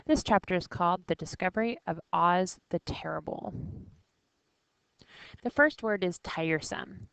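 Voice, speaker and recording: A woman's voice: fairly low pitch, measured pace, vocal fry, a bit bright, clear, resonant tone, dry recording, low-quality recording. A woman teaching vocabulary, reading lines from a novel and explaining each word in a casual way with small fillers.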